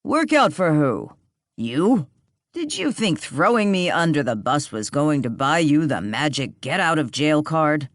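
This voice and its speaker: A narrator voicing an irritable, bitter man who snaps and answers with sarcasm, slow and animated. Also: mid-range voice, dry recording, studio quality. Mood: irritated. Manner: snapping, sarcastic.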